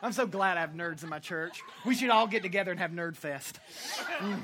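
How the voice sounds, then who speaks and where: A pastor preaching an animated, joking sermon, climbing to shouts for emphasis, with frequent fillers and self-corrections. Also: mid-range voice, normal speed.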